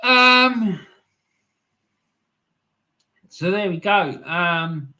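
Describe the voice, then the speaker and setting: A man's voice: high voice, lively intonation, drawn-out words, pushed and bright. A man hosting a live stream, chatting casually with viewers, laughing often and calling people "mate". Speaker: livestream host reading chat.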